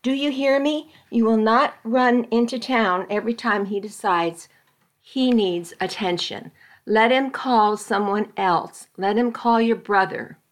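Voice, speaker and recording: A woman's voice: a little high, unhurried, natural voice. A woman voicing an angry, controlling husband in a read-aloud story, in a harsh scolding tone.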